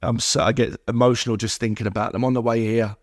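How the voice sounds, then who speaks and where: A man's voice: medium pitch, steady tone, fast, no room sound, clean studio sound. A man talking as a podcast guest in an emotional, heartfelt conversation, earnest and repeating himself in rhythmic runs of words. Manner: earnest, repetitive, lists things in rhythmic runs.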